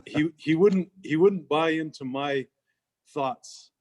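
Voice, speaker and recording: Male co-host, profane and animated raconteur, slightly higher voice. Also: slow pace. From Canada. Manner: profane, animated storyteller, swears constantly. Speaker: podcast co-host. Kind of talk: casual storytelling chat.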